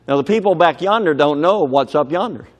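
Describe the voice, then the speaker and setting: Guy preaching a sermon, lively up-and-down voice, goes from yelling to almost whispering, big echoey church hall. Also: a little high, a little fast. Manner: dramatic, swinging from shouts to near whispers; keeps checking that the audience is listening. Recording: long hall reverb.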